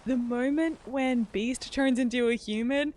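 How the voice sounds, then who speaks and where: A woman's voice: fairly high pitch, unhurried, darkish tone, a little hiss or hum. A young woman streaming a game, chatting casually with viewers, laughing often and greeting new followers. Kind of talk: casual gameplay commentary.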